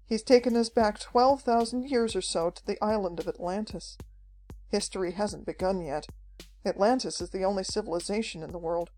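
A woman's voice: medium pitch, normal speed, warm tone, soft background music, close to an everyday voice, poor audio. A woman voicing a frantic elderly male professor who chatters and pants as he talks. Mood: explaining. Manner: chattering, panting.

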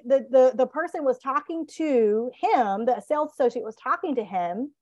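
Fired-up woman with a higher voice. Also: dry recording. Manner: fired-up, animated ranting. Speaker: podcast co-host, business coach. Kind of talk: casual podcast chat.

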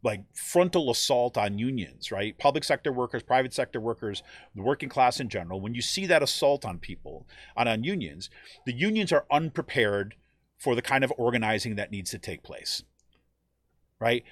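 A man's voice: medium pitch, moderate pace, no echo. Man explaining casually, checking in with "right?". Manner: conversational, frequent "right?" check-ins, animated quoting. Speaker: teacher and union member. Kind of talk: explanatory talk.

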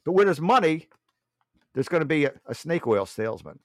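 A blunt, mocking male talk show host speaking in a fairly high, lively voice that rises and falls a lot. The sound is dry and close. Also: a little fast, no room sound. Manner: blunt, mocking, keeps addressing listeners as folks. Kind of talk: political talk show monologue.

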